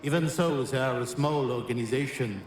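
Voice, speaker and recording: An actor playing a grand, cryptic French council member in a game, speaking with a French accent. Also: male voice, mid-range voice, normal speed, lightly acted. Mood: lofty. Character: suave French male council member, lofty philosopher. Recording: distant roomy game audio, noisy.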